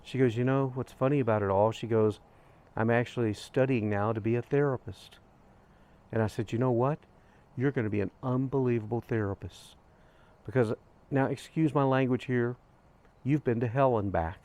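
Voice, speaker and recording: A man's voice: mid-range voice, moderate pace, darkish tone. A middle-aged man from the United States hosting a grief channel, telling a personal story in an earnest, repetitive way and retelling his side of a conversation. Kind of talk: reflective storytelling monologue.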